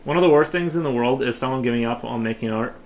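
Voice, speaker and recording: A man's voice: medium pitch, darkish tone, slight background noise. Rambling male streamer chatting while drawing. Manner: rambling, halting, many restarts and fillers. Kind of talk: casual livestream chat. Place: home studio while drawing.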